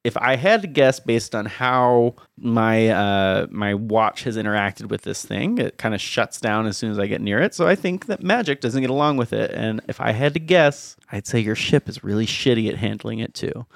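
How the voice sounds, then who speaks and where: A game master voicing a gruff, mocking male orc who brushes off threats bluntly in a tabletop game. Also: mid-range voice, animated, normal speed, few pauses, no room sound, clean studio sound. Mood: taunting. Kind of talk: tabletop game role-play.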